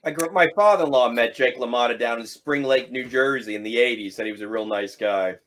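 A man's voice: mid-range voice, a little fast, a bit bright. A man asking curious, casual questions in conversation.

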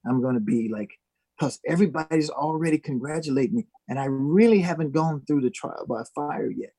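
Man, higher-pitched voice, husky, animated storyteller, dry close sound. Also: a little fast, no room sound. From Minnesota. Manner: animated, acts out quoted voices. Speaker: guest musician. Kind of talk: storytelling in an interview.

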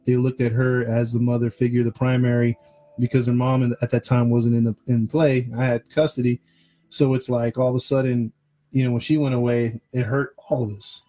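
Guy cohosting a podcast, rambly casual chat, lots of ums and restarts, middle pitch. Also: little pitch movement, fairly quick, dark tone, poor audio. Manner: rambling, many restarts and fillers. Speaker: podcast co-host.

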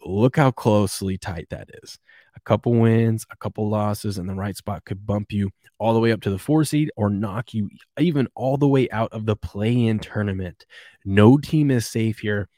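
A man's voice: on the low side, normal speed, mellow, no echo, clean studio sound. A man hosting a casual morning sports show, rambling and chuckling as he reads viewer comments. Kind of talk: casual live sports chat.

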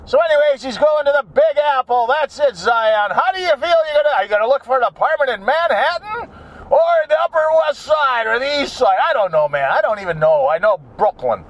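A man's voice: very high voice, expressive, brisk. A man talking in a casual, rambling, jokey monologue as a vlogger.

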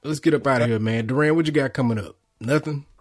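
A man co-hosting a laid-back podcast, trading jokes and laughing often with his friends. His voice sits in an ordinary middle pitch, and he keeps the conversation moving. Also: quick pace. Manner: joking, laughs often, wraps up the show. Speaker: podcast co-host. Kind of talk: casual chat.

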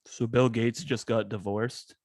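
A man co-hosting a casual podcast, telling stories about his son and mimicking him in a higher voice. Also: little pitch movement, unhurried, a little mellow, no echo, clean studio sound. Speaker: podcast co-host. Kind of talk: casual chat.

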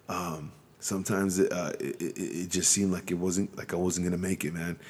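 A man's voice: low-pitched, little pitch movement, normal speed, few pauses, a little mellow, breathy edge, big-room sound. A man hosting his own motivational podcast, talking earnestly with lots of repeated words and restarts. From Southeast San Diego. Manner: earnest, repetitive, stumbling restarts. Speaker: podcast host.

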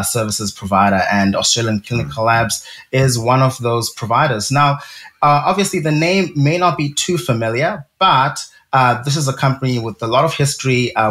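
A man's voice: medium pitch, fairly bright tone. Man explaining a stock, full of ums. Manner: explanatory, frequent ums and uhs. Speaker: guest, director of research. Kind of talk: casual investing chat.

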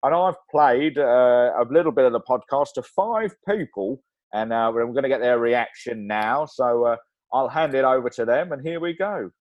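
A man's voice: medium pitch, expressive, normal speed, no echo, dull audio, natural voice. A man voicing a brash street reporter with a Geordie accent. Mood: chirpy.

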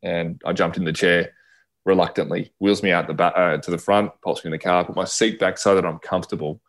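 A man's voice: deep voice, a little fast. An Australian man, a podcast guest, telling a personal story and acting out the dialogue of the people in it. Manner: lively storyteller who acts out quoted dialogue.

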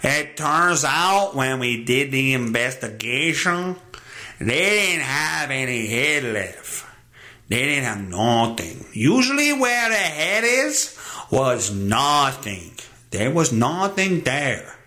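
Man doing a deadpan park official with a put-on Mexican accent. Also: medium pitch, slow pace, pitched below the performer's own voice, heavily acted. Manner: crude, mocking, deadpan.

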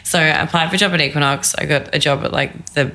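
A woman's voice: low voice, fast. A woman, telling her story in a casual interview and acting out quotes. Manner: chatty, animated, acts out quotes. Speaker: guest, fitness founder.

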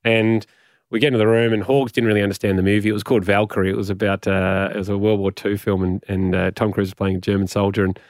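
A man in his forties with an Australian accent, telling animated anecdotes as a guest and laughing often. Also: fairly low pitch, fast talker, dry recording, studio quality. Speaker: radio and podcast host, guest. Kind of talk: casual storytelling.

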